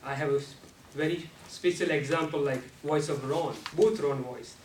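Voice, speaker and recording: A man giving a prepared club speech on how to use the voice, speaking slowly and deliberately with non-native grammar, and now and then showing off sudden jumps in pitch and loudness. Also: crowd noise. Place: meeting room. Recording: echoey room, speaker far from mic, faint noise.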